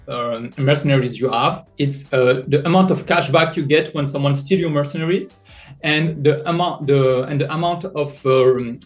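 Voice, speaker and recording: A man with a French accent explaining a project in a live audio chat, halting with many fillers and restarts. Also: medium pitch. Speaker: NFT project creator.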